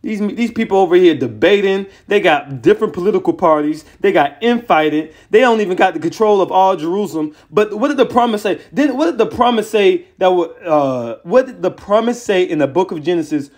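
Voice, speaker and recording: A man preaching online in a fiery, combative way, his voice sitting a little high for a man. He gets excited, taunts his opponents with rough language, and breaks off to read scripture aloud and comment on it. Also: a little fast, few pauses. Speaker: religious teacher. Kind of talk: heated online scripture teaching.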